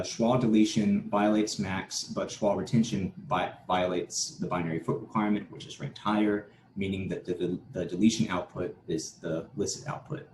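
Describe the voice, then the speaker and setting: A low-pitched man with a darkish tone delivers an academic conference presentation. His explanation is steady, though he restarts a word from time to time. Echo and faint background noise are audible in the room.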